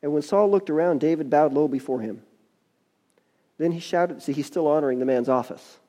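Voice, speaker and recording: A man's voice: fairly high pitch, a little fast, warm tone. A man preaching a sermon, reading scripture and adding folksy, conversational asides.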